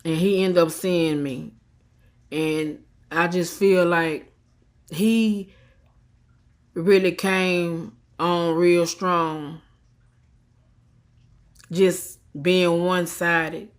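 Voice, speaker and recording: A woman's voice: lowish voice, fairly even intonation, very slow, pauses often. Tearful woman venting into her phone. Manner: venting, defiant, swings from subdued to heated. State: tearful after crying. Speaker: vlogger. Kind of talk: emotional selfie vlog rant. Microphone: phone held at arm's length.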